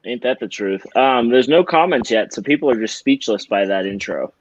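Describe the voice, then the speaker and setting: A man's voice: mid-range voice, animated, normal speed, highs cut off, a little hiss or hum. A man co-hosting a casual podcast with a dry, teasing manner. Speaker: podcast co-host. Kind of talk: casual chat.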